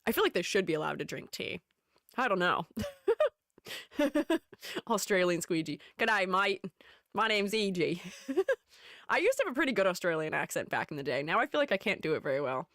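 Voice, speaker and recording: A woman's voice: lowish voice, very animated, a little fast, long pauses, a bit bright, no room sound, studio quality. A woman VTuber streaming, chatting casually and playfully, often giggling and talking to herself. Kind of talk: casual livestream chat.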